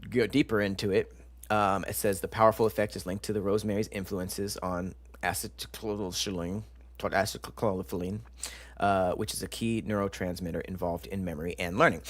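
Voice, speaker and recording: With a fairly low voice and no audible room sound, a man hosts a relaxed live stream, joking with the chat and tripping over long scientific words as he reads them out.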